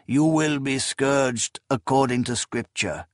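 A man voicing a haggard, bitter knight commander who speaks hoarsely and grimly, in an audiobook reading. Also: mid-range voice, takes it slowly, dry recording, studio quality, lightly acted. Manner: hoarse, grim.

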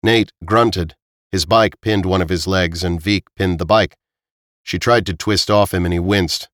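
A man narrating an audiobook in an even, measured way on a close mic. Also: low-pitched, no echo.

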